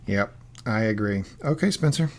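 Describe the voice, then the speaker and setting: A man co-hosting a relaxed podcast conversation. He banters loosely and jokes often. When he reads a favorite quote aloud, he leans into a dramatic put-on voice. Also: lowish voice, normal speed. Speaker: podcast co-host. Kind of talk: casual chat ranking favorite lines from a TV drama.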